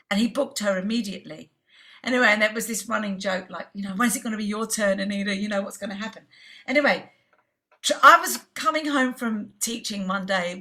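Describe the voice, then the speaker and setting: A middle-aged woman from England, a jazz singer, telling stories in a casual interview and acting out the voices of people she quotes. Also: medium pitch. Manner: animated storyteller who acts out quoted voices.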